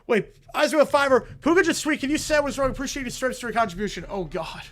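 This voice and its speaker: A young man hosting a football reaction livestream from his home desk, reading viewer messages aloud in an excited, rambling way. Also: very high voice, quick pace, hardly any pauses. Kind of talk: live stream chat reading donations. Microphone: desk mic with headphones.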